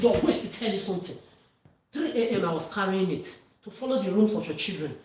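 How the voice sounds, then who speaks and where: A woman's voice: mid-range voice, lively intonation, fairly quick, darkish tone. A woman vlogger delivering an angry, accusatory monologue, swearing and often raising her voice. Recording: echoey room, far from mic.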